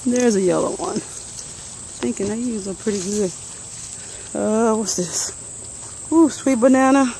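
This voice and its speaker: A woman's voice: a little high, slow, creaky, pauses often, warm tone, a little hiss or hum, poor audio. A woman, out of breath, casually walking through her vegetable garden and muttering plant names as she films. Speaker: gardening vlogger.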